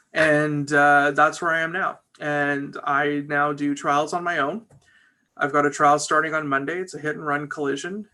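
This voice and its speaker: A man's voice: a little high, pushed and bright. A man who works as a trial lawyer, chatting casually and energetically as a guest in an interview.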